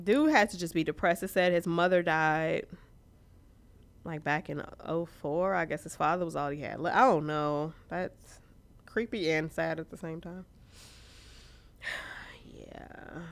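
A woman co-hosting a podcast, chatting casually and telling stories in an animated, profane way. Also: low voice, measured pace, pauses often. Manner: profane, animated storytelling with frequent laughs. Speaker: podcast co-host. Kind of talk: casual chat.

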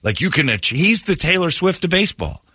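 Loud jokey male radio host. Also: on the high side, sing-song, fairly quick, no echo. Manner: loud, jokey and irreverent, swings into put-on quote voices. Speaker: radio morning show host. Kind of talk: casual radio banter. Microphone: studio microphone. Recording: dry radio studio.

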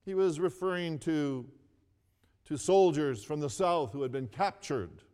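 Brief: male preacher, slow and earnest storyteller, slightly high voice, reverberant hall sound. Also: darkish tone, clear, resonant tone. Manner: earnest storytelling, repeats phrases, asks the listeners to read along. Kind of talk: sermon.

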